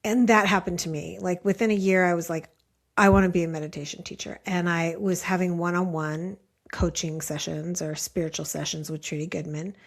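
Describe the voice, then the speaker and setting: A woman's voice: fairly low pitch, fairly even intonation, normal speed, creaky. Earnest woman in her late fifties. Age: late 50s. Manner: earnest, thoughtful, frequent "like" fillers. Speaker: podcast guest, meditation teacher. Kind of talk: reflective storytelling in conversation.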